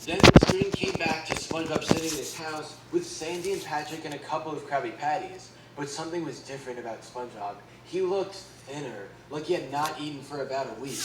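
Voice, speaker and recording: A man reading a creepy story aloud in a flat, steady way. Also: a little high, a little fast, few pauses. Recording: echoey room, distant mic, noisy.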